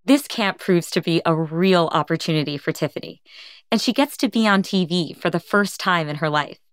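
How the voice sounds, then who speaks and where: A woman host narrates in a calm, measured way, with a somewhat low voice. The sound is dry and close, with no room echo. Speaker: podcast host. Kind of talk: scripted narration.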